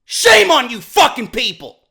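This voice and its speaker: A vlog host delivers a profane rant. His voice sits very high and sounds bright and edgy. He swings from shouted outbursts down to low, grumbling asides. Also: big pitch swings, unhurried, creaky. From New York. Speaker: YouTube show host. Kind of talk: ranting commentary vlog.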